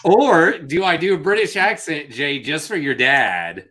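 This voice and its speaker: A man's voice: a little high, unhurried, pushed and bright. A man co-hosting a casual live stream, chatty and rambling. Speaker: co-host of a reseller live show.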